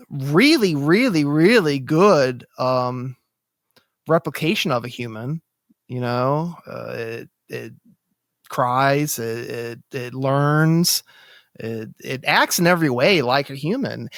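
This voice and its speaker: In this relaxed podcast conversation, the co-host, a man with a medium-pitched voice, rambles along with frequent fillers and false starts. The sound is clean studio audio with no echo.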